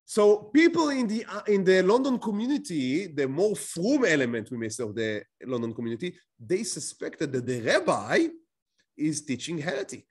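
Male lecturer, fairly high, very lively pitch, asks the class questions as he explains. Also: normal speed, husky. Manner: explains with rhetorical questions, frequent restarts. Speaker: teacher.

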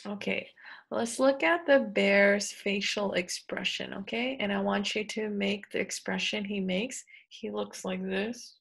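A woman's voice: medium pitch, fairly even intonation, a little slow, vocal fry, a bit bright, slightly rough. A woman teacher talking children through a story, asking questions and explaining the next activity with plenty of "um" and "okay". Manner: questioning, encouraging, with fillers. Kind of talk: online lesson for children.

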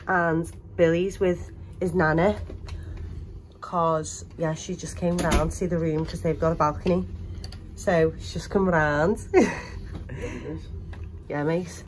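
A woman's voice: fairly low pitch, steady tone, unhurried. A young woman vlogging on a cruise ship, chatting to camera in a casual, laughing way with plenty of swearing. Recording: noisy background.

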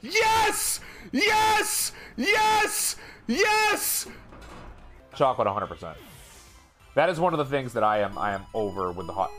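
Excitable young male streamer, bright voice. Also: lowish voice, quick pace, soft background music. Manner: excitable, swears, shouts in triumph. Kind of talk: live gaming stream.

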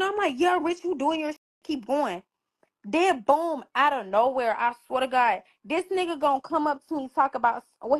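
A high-pitched young woman talks into her phone on a livestream, recounting events in a loose, casual way. She swears freely and jumps into the voices of everyone she quotes. It sounds like she's chatting from her bedroom. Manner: animated, profane, acts out quoted dialogue. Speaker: livestream host.

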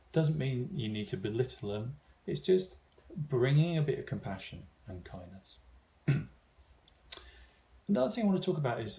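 A man's voice: on the low side, vocal fry, dark tone. A man giving an informal seminar talk, thoughtful, with frequent fillers and restarts. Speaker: seminar speaker.

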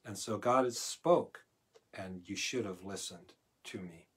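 A male pastor giving a conversational verse-by-verse Bible teaching, moving between loud emphasis and quiet asides. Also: fairly low pitch, unhurried, breathy edge. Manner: conversational, swings from loud emphasis to near-murmur.

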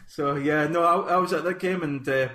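A man from Scotland co-hosting a casual podcast chat, talking in halting bursts with many restarts. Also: fairly high pitch, bright, forceful tone. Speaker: podcast co-host. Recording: roomy echo.

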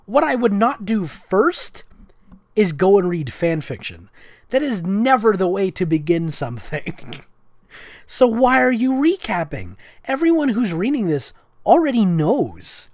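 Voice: medium pitch, very animated, unhurried, darkish tone, no room sound, clean studio sound. A comedic reader of fan fiction, reading it aloud with sarcastic, mocking asides.

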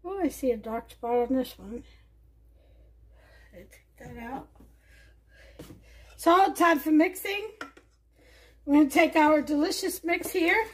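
A woman with a Brooklyn accent hosting a home cooking show, chatting warmly to viewers as she demonstrates a recipe. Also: high-pitched, takes it slowly, long pauses, slight background noise. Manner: chatty, enthusiastic, talks to viewers. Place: home kitchen.

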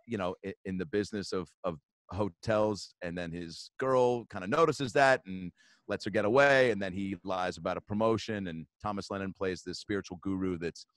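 Animated storytelling comedian, a man. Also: sits low, no echo. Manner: lively, profane, fast-rolling anecdotes. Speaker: comedian guest.

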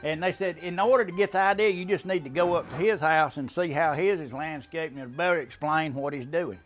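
A man's voice: on the high side, brisk, soft background music. An older man telling a family story in a folksy, drawling way, chuckling often. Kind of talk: casual storytelling.

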